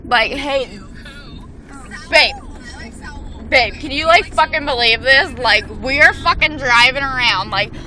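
A young woman yells and cackles from a car with a squeaky, sped-up chipmunk pitch that swings all over. She drags her words out slowly. The phone recording is thick with road noise and voices around her. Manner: shrieking, swearing, giggly. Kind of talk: rowdy casual chat. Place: inside a car on the street. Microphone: phone camera. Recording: noisy car with chatter and traffic.

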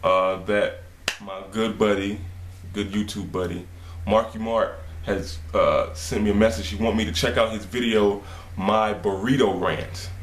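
A man casually chatting and reacting to a friend's video, relaxed and joking. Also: on the low side, a little slow, echoey room. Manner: laid-back, chatty, laughs along. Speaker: YouTube reactor.

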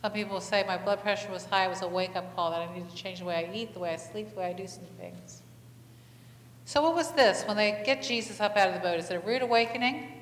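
A woman's voice: medium pitch, quick pace, slight background noise. A woman pastor giving a conversational sermon, asking the congregation many questions and telling stories with animation. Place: church sanctuary. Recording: echoey church hall, faint ambience.

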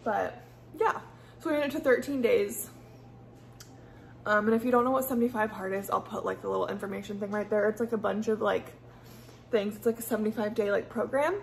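Casting: young Midwestern woman with a Valley girl accent and gravelly fry. Loose, rambling chatter full of "like". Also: medium pitch, fairly even intonation, brisk, a little hiss or hum. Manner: chatty, rambling, heavy use of "like". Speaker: beauty vlogger. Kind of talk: casual get-ready-with-me chat. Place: at home doing makeup.

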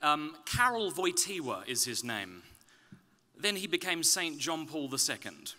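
A man from Australia with an Australian accent softened toward British, giving a conference talk with dry, self-deprecating humor. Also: on the high side, very animated, a little slow, a little hiss or hum. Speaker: conference speaker. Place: conference venue.

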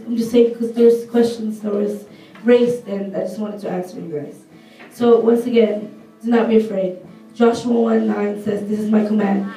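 A teenage girl with a husky voice, earnestly and casually urging a church to give offerings and reading scripture aloud. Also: fairly high pitch. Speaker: church member exhorting for offerings. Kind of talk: church exhortation. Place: church hall. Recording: echoey hall, mic far off, soft guitar behind.

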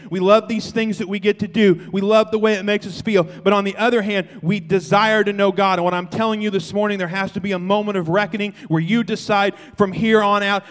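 A man preaching a sermon as pastor, moving between quiet, confessional passages and loud, forceful exhortation. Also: high voice, normal speed, long reverb tail.

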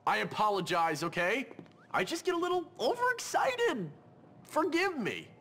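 A man's voice: very high-pitched, wildly swooping pitch, normal speed, a bit bright, slight background noise, exaggerated voice. A man voicing a scheming, sarcastic teenage boy bully in a video game cutscene, mocking in a sing-song way.

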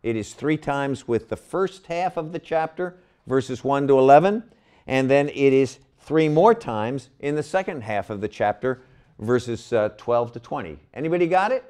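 A man's voice: medium pitch, expressive, normal speed, darkish tone, clear, resonant tone. An older man teaching a Bible class, asking his listeners questions and leaning hard on key words.

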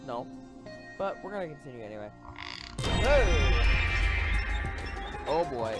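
A man's voice: medium pitch, animated, fast. A man playing a video game, reacting in a bemused, chatty way. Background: loud game music.

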